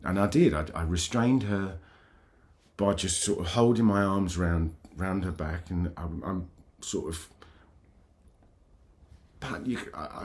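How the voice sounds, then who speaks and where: A man hosting his own channel, telling a painful personal story in a halting, emotional way, full of restarts. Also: low voice, a little mellow. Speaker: channel host.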